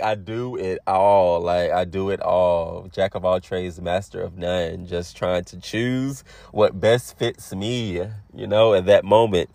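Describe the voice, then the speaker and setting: Podcast host: man, late 20s, very low gravelly voice, dry close mic, laid-back affirming delivery with lots of repetition. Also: no room sound. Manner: relaxed, affirming, repeats phrases, spiritual encouragement. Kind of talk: casual motivational monologue.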